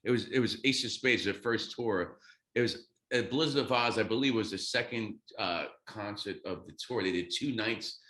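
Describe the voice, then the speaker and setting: Excitable man in his fifties, echoey room. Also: on the low side, normal speed. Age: 50s. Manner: excitable, swears freely, acts out quotes. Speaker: guest drummer. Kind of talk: animated storytelling.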